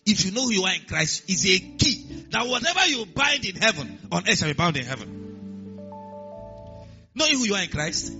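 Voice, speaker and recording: A man preaching with a higher voice that swings up and down, emphatic and full of repeated refrains. The recording sounds muffled, with clear music playing behind him. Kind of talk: sermon. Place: church.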